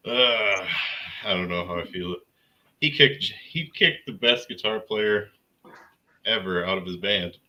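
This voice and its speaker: Male co-host, low and bright-toned, laid-back chat. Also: measured pace, dull audio. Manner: laid-back, chimes in with stories. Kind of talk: casual live-stream chat.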